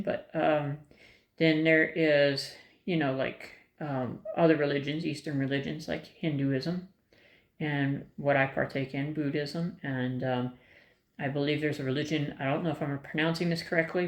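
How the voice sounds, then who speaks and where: A woman vlogger talking casually to the camera, rambling and tangential, hedging her points with many ums and restarts. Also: low voice. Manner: thoughtful, hedging. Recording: roomy, echoey room.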